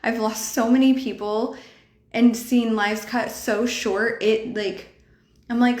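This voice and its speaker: A woman's voice: fairly high pitch, flat delivery, slow pace, a little mellow, reverberant. A woman in her thirties hosting a spiritual coaching podcast, talking casually and earnestly with a lot of "like" and light laughter. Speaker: podcast host.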